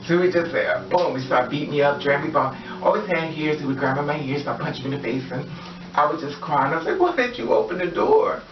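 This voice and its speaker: A man rambles through an emotional personal storytime, circling back and repeating his points. His voice sits a little high. The recording is echoey and muffled, with a faint hiss behind him. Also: fairly even intonation, quick pace, recorded from a distance.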